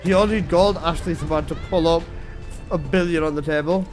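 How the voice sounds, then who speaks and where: Young man, high-voiced, joking streamer. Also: fairly even intonation, a little fast, faint music behind. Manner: joking, crude, slangy, laughs at own jokes. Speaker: game streamer. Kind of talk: casual live-stream chat.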